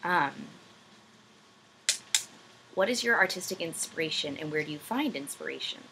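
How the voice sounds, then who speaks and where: A woman's voice: low-pitched, lively intonation, normal speed, sharp tone, slight background noise, poor audio. Hesitant young woman vlogging. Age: young adult. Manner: rambling, self-deprecating, hesitant with many ums. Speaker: vlogger answering viewer questions. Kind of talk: casual chat. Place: room at home, backlit.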